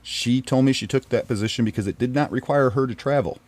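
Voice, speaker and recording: Talking fast in a medium-pitched voice with no room sound, a man relates the painful story of his marriage. He's earnest and hurt, rambling, going back to restart and repeat himself, and often lowering to a near hush.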